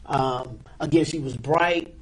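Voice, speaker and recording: A man, a pastor, speaking earnestly as an interview guest in a measured, halting way with many fillers. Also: medium pitch, slightly rough, rough recording.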